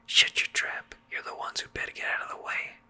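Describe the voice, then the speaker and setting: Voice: brisk, sharp tone. A streamer whispering as a feisty young thief. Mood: brash. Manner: brash, read in a whisper. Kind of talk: whispered role-play.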